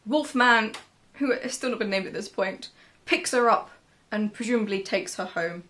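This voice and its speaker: A woman's voice: medium pitch, normal speed, a bit bright. A woman casually recapping and reviewing a book, with sarcastic asides and dry humour.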